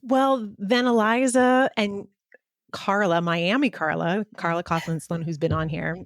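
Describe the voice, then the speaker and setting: A woman co-hosting a podcast who talks in a casual, rambling way and often pauses to search for her words. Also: mid-range voice, fairly even intonation, no echo, clean studio sound. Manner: rambling, hesitant, many fillers and restarts. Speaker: podcast co-host.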